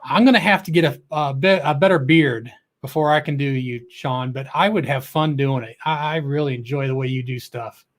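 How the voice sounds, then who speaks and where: A man's voice: mid-range voice, moderate pace. Chatty middle-aged man hosting a livestream. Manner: chatty, calls out viewers' names with a lift; joking and goofy. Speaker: livestream host. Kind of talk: casual livestream chat.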